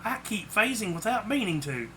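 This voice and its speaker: A man's voice: high voice, big pitch swings, moderate pace, sharp tone, a little hiss or hum, voice pushed up, full character voice. A man voicing a young female lamia with a snake tail, speaking in a raised voice. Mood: pained.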